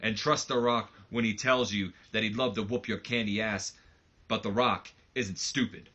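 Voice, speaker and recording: A man's voice: on the low side, fairly even intonation, moderate pace, bright, forceful tone, lo-fi sound. A man reading out a boastful male wrestling champion who talks about himself in the third person, swaggering and trash-talking. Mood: scolding.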